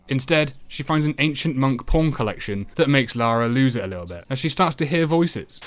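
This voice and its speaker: A British man hosting a retro game review show, giving a comedic voice-over full of sarcasm and swearing. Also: medium pitch.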